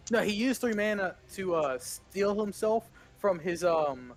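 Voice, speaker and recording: A man narrating as game master of a tabletop role-playing game, halting along with fillers and small chuckles. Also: sits high, expressive, soft background music.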